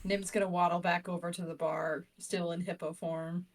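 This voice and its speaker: A woman's voice: on the low side, level tone, normal speed. A woman player chatting through a tabletop game in a bubbly, hesitant way with many fillers. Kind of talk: tabletop role-play chat.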